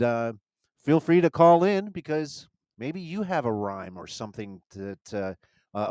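A man's voice: medium pitch, darkish tone, no room sound, poor audio. Male podcast host, rambly and chatty, dry studio sound. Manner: rambling, restarts a lot, laughs easily. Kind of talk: casual live podcast chat. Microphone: handheld mic.

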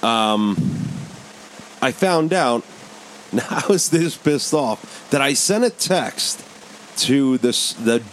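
A man's voice: medium pitch, expressive, takes it slowly, a bit bright, a little hiss or hum, rough recording. A man co-hosting a podcast, telling a story in an agitated, emphatic way and swearing constantly into a studio mic. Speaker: podcast co-host. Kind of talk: casual profane storytelling. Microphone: studio microphone.

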